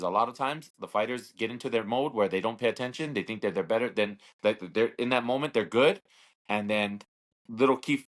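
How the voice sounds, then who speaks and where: Speaking in a mid-range, fairly bright voice, a Hawaiian man in his thirties rambles through a lengthy tale during a casual interview. He's a slap fighter on as a guest, and he repeats words and acts out the voices of people he quotes.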